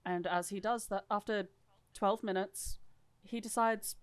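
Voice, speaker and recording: A woman's voice: medium pitch, fairly even intonation, measured pace, clear, resonant tone. A woman co-hosting a podcast, reading lore aloud in a casual, irreverent way and swearing freely. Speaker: podcast co-host.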